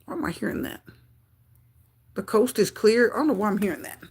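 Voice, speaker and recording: A woman giving a live tarot reading to her viewers, talking in an excitable way with frequent exclamations. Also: mid-range voice, fairly quick, slight background noise. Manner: excitable, gasping and exclaiming at cards. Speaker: tarot reader.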